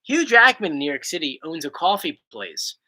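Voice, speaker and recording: Bright, animated young man chatting. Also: a little high, moderate pace, rough recording. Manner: rambling, playful, reads comments aloud. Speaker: YouTube host. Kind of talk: casual chat reading viewer questions.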